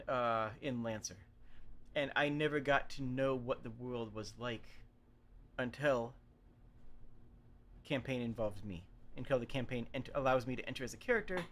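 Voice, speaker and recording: A man's voice: mid-range voice, a bit bright. A man hosting a casual livestream, explaining games in a chatty way, often correcting himself mid-sentence and adding asides. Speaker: streamer host.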